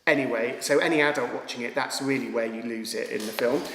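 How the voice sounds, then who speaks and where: An English parent chatting casually about a film, rambling and correcting herself. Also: female voice, a bass voice, quick pace. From England. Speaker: parent co-reviewer. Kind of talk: casual film review chat. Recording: echoey room, long reverb, background noise.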